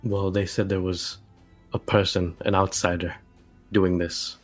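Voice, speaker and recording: A man playing a tabletop game, talking in a halting way and asking questions. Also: sits low, flat delivery, faint music behind. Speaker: player.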